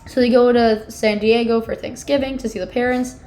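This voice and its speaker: Young woman, bright high voice, chatty and animated book-club co-host with faint music under her. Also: a little fast. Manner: chatty, peppered with "like", dramatic disgust reactions. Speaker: podcast co-host. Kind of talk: casual book club chat.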